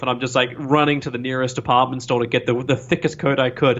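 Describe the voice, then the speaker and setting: A man's voice: mid-range voice, steady tone, fast, hardly any pauses, fairly bright tone. A man from Australia, an esports caster chatting as an interview guest, telling rambling, self-mocking stories. He is talking over a remote call from his home. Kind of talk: casual interview chat. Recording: dull lo-fi call audio.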